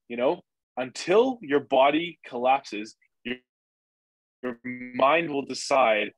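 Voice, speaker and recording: A man talking as a podcast guest, energetic and profane, acting out inner voices as he explains. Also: mid-range voice, slow, no room sound, low-quality recording. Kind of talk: casual interview chat.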